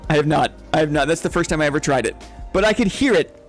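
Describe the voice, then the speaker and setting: A man's voice: a little high, animated, fast talker, soft background music. A young man hosting a casual live stream who rambles, laughs often and keeps asking "right?". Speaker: game streamer. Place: home streaming setup.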